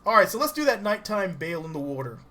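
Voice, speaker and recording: A man's voice: high-pitched, very animated, quick pace, sharp tone. A man from the Southern US giving casual livestream commentary while he plays a game, laughing often and greeting viewers in chat.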